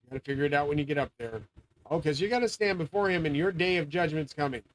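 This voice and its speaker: Male channel host, slightly high voice, rambling and profane, prone to yelling. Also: animated, fast, a little hiss or hum, low-quality recording. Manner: rambling, swearing, grandiose; often yelling. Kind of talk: profane monologue rant.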